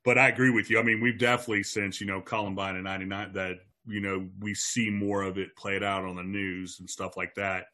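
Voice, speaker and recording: A deep-voiced man talks fairly quickly, with few pauses, as he tells an anecdote from his time as a teacher. It's a casual chat, and he animatedly performs the voices of the people he quotes.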